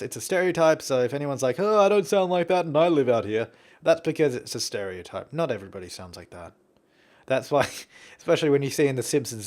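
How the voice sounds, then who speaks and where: A man's voice: mid-range voice, a little mellow. A young Australian man talking casually over his building gameplay, rambling, chuckling and self-deprecating. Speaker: game builder commentator.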